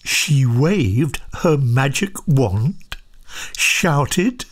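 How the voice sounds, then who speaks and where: A storyteller reading a children's picture book aloud, soft and often half-whispered. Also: mid-range voice, lively intonation, very slow.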